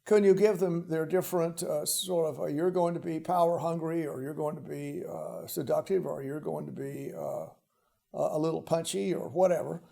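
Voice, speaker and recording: An older man hosting an interview, speaking haltingly with many fillers and restarts. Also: on the high side, expressive, vocal fry, warm tone. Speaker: host. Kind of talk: casual interview chat.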